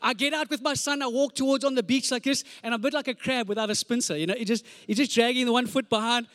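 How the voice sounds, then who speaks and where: A man in his forties, a pastor preaching with animated, comic storytelling, sound effects and repeated phrases. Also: very high-pitched, fast talker, no echo, clean studio sound. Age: 40s. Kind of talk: storytelling sermon.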